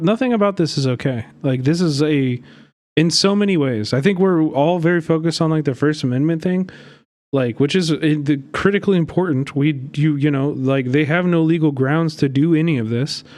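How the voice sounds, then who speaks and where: Pissed-off young guy streaming, rambles and swears a lot, kinda higher voice. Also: a little mellow. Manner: angry, rambling, swearing often. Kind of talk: casual live-stream commentary.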